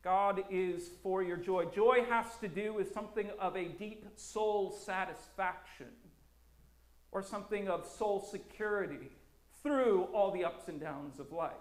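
A man preaching a sermon as a pastor, earnest and emphatic, with slow, deliberate phrasing and repeated lines. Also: high voice. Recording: roomy echo.

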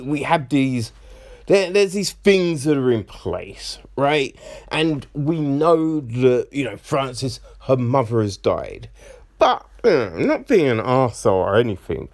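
Lively, slow-talking man. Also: mid-range voice. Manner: chatty, keeps asking "right?", slips into mocking voices. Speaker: film reviewer. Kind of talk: casual film commentary.

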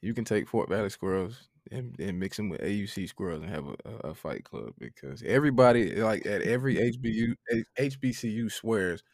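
A young man, telling an animated, profane story in casual chat. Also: on the low side, a little fast, hardly any pauses, dry recording, clean studio sound.

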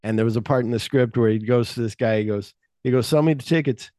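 In a casual film chat, this male podcast host talks fast in a fairly low, dark voice with flat delivery. He retells movie scenes and performs the quoted lines himself. The audio is studio quality, with no room sound.

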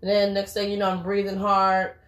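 A woman's voice: mid-range voice, completely flat delivery, brisk, reverberant. A woman co-hosting a casual talk show, blunt and preachy, who swears casually. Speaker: podcast co-host. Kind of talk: casual chat.

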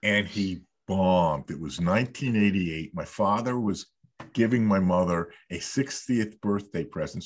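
A man hosting a podcast, telling a lively anecdote in casual conversation and acting out quoted voices. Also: low-pitched, slightly rough. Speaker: podcast host.

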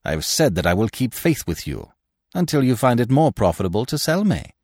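A man's voice: mid-range voice, big pitch swings, a little fast, darkish tone, no room sound, pitched above the performer's own voice. A man voicing a sardonic young lawyer who answers with dry, mocking sarcasm, in a storybook reading.

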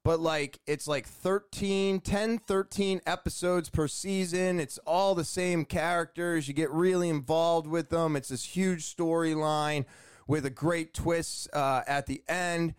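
A man hosts his podcast with a rambling, self-deprecating story, acting out other people's lines as he goes. His voice sits a little high and comes through smooth. The sound is dry and close. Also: steady tone, measured pace, no room sound. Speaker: podcast host. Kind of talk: casual storytelling monologue.

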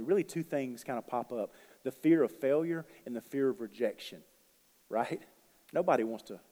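Male preacher, sermon, fairly high voice, long hall reverb, quiet to loud swings. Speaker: pastor.

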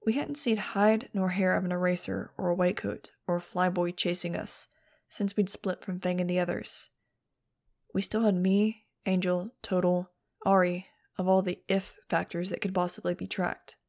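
A woman's voice: fairly low pitch, darkish tone. A woman narrating a first-person audiobook in a dry, sardonic manner.

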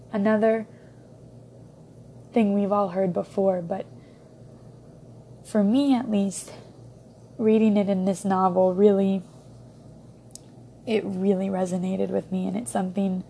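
A woman's voice: mid-range voice, gravelly, warm tone, a little hiss or hum. A young woman giving a casual book review, rambling with many ums and restarts.

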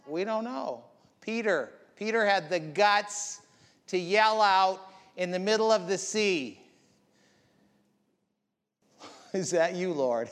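Man, pastor, sermon, emphatic repetition, slightly high voice, long hall reverb. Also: animated, slow pace, long pauses. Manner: preaching with rising, emphatic repetition.

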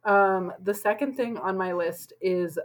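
A young woman co-hosting a podcast in easy, rambling chat. Her pitch sits in the middle, and she strings her thoughts together with a steady stream of "like". She sounds relaxed and conversational. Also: unhurried, rough recording. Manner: chatty, lots of "like" fillers. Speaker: podcast co-host. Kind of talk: casual chat.

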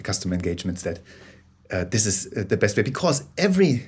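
Husky man explaining with tag questions. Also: lowish voice, sing-song, quick pace, a little mellow. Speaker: guest storyteller. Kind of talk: interview conversation.

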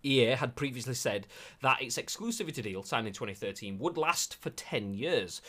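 Male game news host, animated delivery, rambling jokey asides while reading articles. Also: medium pitch, moderate pace. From United Kingdom. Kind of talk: casual live-stream news chat.

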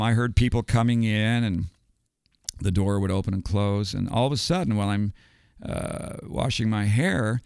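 Older man, gravelly and smooth. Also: medium pitch, no echo, studio quality. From United States. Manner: halting, many ums and restarts. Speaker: guest, retired educator. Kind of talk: casual storytelling.

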